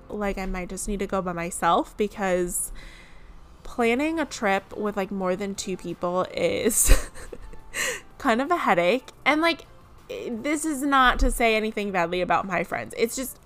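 A woman's voice: medium pitch, a bit bright. Brief: woman podcaster, chatty and giggly, loose casual delivery, faint music underneath. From California. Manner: chatty and giggly, with many fillers. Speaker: podcast host. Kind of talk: casual chat.

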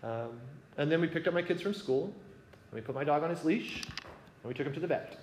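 Sharing an earnest reflection with a group, a man talks conversationally and keeps checking that what he says makes sense. His fairly high, darkish voice is animated and moderately paced, with a little hiss or hum in an echoey room with faint ambience.

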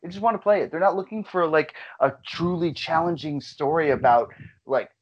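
A man's voice: a little high, fairly quick, lo-fi sound, slight background noise. A man in casual chat, rambling with lots of fillers and swearing as he rants.

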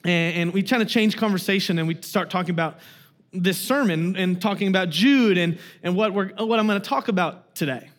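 A man's voice: sits high, a little fast. A young adult man giving a sermon as a guest preacher, telling a family story in a casual way with many fillers.

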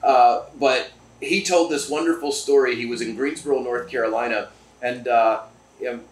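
A man's voice: medium pitch, moderate pace. A man hosting a casual, enthusiastic, joking tasting chat at a distillery. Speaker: host. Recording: roomy, from a distance.

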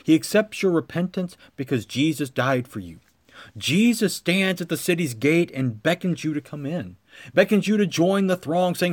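A man preaching a sermon as pastor, with a measured cadence that swells into emphatic lines. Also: fairly high pitch, animated.

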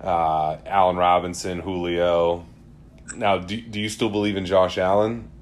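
Low-pitched male co-host, teasing and topic-steering, faint room ambience. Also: level tone, unhurried, a little hiss or hum. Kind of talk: casual banter about fantasy sports.

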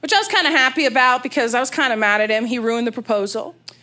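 This thirtysomething Las Vegas comedian talks fast in a slightly high voice, holding a handheld mic before a live comedy club crowd. She's brash and candid, spinning stories with big, animated asides while laughter and room ambience come through the live recording.

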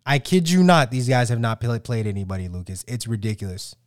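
A man's voice: mid-range voice, brisk, dry recording, clean studio sound. A man co-hosting a sports podcast, ranting about football with lots of restarts and tangents. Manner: animated, ranting, many restarts. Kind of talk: casual sports banter.

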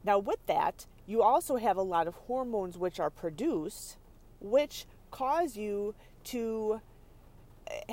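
A woman podcast host teaches leadership and stress with bright, chatty energy. She speaks from her parked car on a rainy day, laughing often and pausing to check in with her listeners. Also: mid-range voice. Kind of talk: motivational teaching talk.

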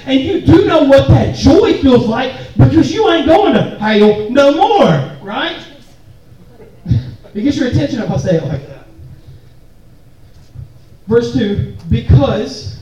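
This sermon comes from a man whose very high voice is mellow, with slight background noise behind it. He jokes casually and uses call-and-response with his audience in a church hall or meeting room, recorded from far off in a very echoey space.

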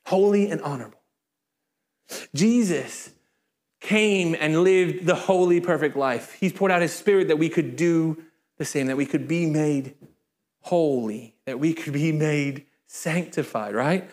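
A man with a high, bright voice preaches a sermon to his congregation. He is lively and informal, dropping joking asides between scripture readings. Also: a little slow. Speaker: pastor. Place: church in front of a congregation.

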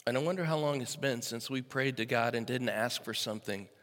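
A man in his sixties preaching a sermon as pastor, moving from easy storytelling to loud, emphatic preaching. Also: mid-range voice, fairly quick. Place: church sanctuary. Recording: echoey hall with long reverb.

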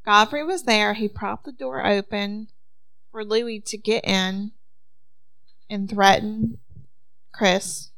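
A woman's voice: mid-range voice, steady tone, slow pace, long pauses, fairly bright tone, no room sound. A woman who teaches, talking through a mystery game with friends, asking questions and thinking aloud. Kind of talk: casual group chat.

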